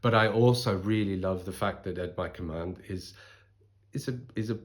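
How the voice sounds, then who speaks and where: A man in his forties with a softened Australian accent, giving thoughtful, articulate interview answers. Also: deep voice, moderate pace. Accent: Australian, softened by voice training. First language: English. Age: 40s. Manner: thoughtful, articulate, lively with restarts.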